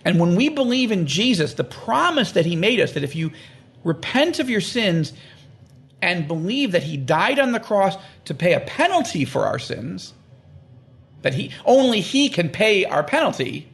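A man explaining the Bible in an interview, emphatic and animated, acting out quoted voices and repeating phrases for stress. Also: high voice, moderate pace, gravelly. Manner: animated, acts out quoted prayers and God's words. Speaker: guest explaining scripture. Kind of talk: conversational interview.

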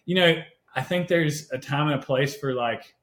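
A man telling personal stories as a podcast guest, animated and conversational, often checking in with "right?". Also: a little high, moderate pace. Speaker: podcast guest, health coach. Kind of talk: casual storytelling interview. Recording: roomy echo.

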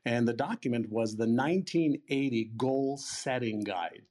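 A man's voice: mid-range voice, measured pace. A man in his sixties telling a long personal story in an interview, acting out the dialogue with a casual, blunt manner. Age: 60s. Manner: lively retelling, acting out quoted dialogue, casual swearing. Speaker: interview guest. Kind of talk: storytelling in a conversation.

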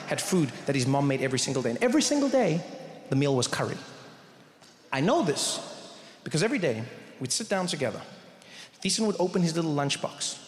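A man doing stand-up comedy on a large theatre stage, telling a story in an animated, vivid way. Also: a little high, a little hiss or hum. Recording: reverberant theatre with audience.

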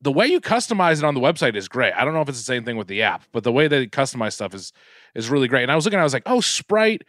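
A man hosting a podcast, telling casual stories with lively swearing. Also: mid-range voice, very fast, no room sound, clean studio sound. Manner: animated, swearing storyteller. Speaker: podcast host. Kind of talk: casual chat.

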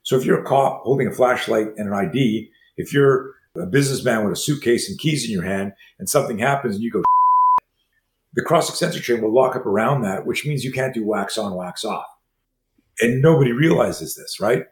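A man in his sixties who teaches martial arts, telling stories as an interview guest and acting out the dialogue in quick, animated bursts. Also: medium pitch. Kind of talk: storytelling in a conversation. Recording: roomy echo.

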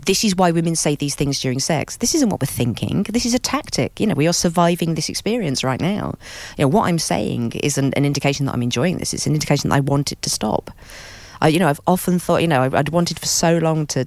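A middle-aged British woman talks very fast in a candid interview, blunt and unafraid to swear. She fills her rushing sentences with "you know" and "like." Her voice sounds dry and close to the mic. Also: very deep voice, a little mellow, no room sound. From Britain. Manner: blunt, rapid and swearing freely, with many "you know" fillers. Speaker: author and guest.

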